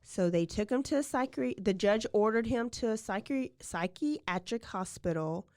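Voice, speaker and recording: A woman's voice: on the high side, expressive, normal speed, a little mellow, no room sound, studio quality. A woman hosting a podcast, casually retelling a true-crime case and saying "like" often. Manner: chatty, fills with "like" often. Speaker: podcast host.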